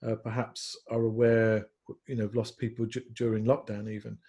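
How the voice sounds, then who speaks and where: A man with a mellow, slightly husky voice, hosting a casual discussion as a pastor. He hesitates and restarts often while searching for the right words. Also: lowish voice, level tone, moderate pace. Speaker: pastor and host.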